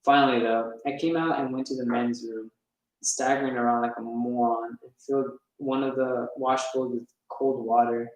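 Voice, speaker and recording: A man's voice: mid-range voice, level tone, normal speed. A man reading a novel aloud in a casual first-person storytelling way, with some stumbles along the way. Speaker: reader. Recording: echoey room.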